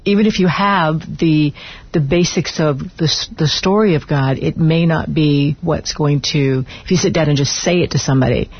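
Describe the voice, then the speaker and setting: A man hosting a Christian radio talk show, speaking in a rambling way with halting phrasing. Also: a little high, husky, highs cut off.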